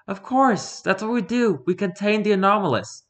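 Man voicing a high, urgent female agent. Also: expressive, moderate pace, fairly bright tone. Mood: insistent. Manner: urgent, pleading. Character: fierce female agent, woman in middle age.

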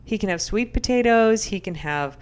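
A young adult woman co-hosting a podcast, telling stories in animated, casual chat full of fillers. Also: medium pitch, moderate pace, clear, resonant tone. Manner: animated, chatty storyteller with many fillers. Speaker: podcast co-host.

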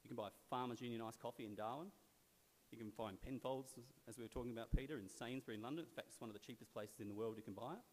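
A man's voice: mid-range voice, very fast, a little mellow. Australian man speaking in an echoing hall. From South Australia. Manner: conversational, wry storyteller with frequent fillers. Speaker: guest speaker at a club luncheon. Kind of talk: anecdotal after-dinner speech. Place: large event venue in a sports stadium. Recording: long hall reverb, faint hiss.

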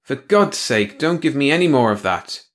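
A man voicing a gruff, world-weary male prison official in an audiobook reading, talking in a tired, growling way. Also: on the low side, normal speed, fairly bright tone. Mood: irritated.

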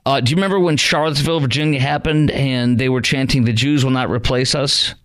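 A man's voice: mid-range voice, fairly even intonation, fast talker. A middle-aged man from Chicago hosting a call-in talk radio show, indignant and full of rhetorical questions.

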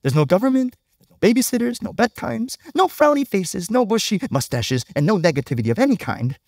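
Guy doing a high squeaky cartoon unicorn kitty princess, super sweet and bubbly, dry close sound. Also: sing-song, a little fast, vocal fry, darkish tone, no room sound, full character voice. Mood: cheerful. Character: cheerful cute female unicorn-kitten hybrid princess.

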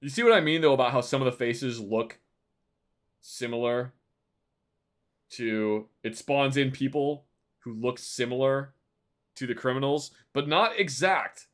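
A man's voice: medium pitch, unhurried, long pauses. A man streaming a game live, chatting in a playful, teasing way and bantering like a stern border official.

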